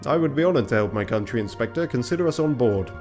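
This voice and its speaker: A man voicing a calm, confident male falcon lawyer with a formal manner. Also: medium pitch, fast talker, soft background music, natural voice. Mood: composed.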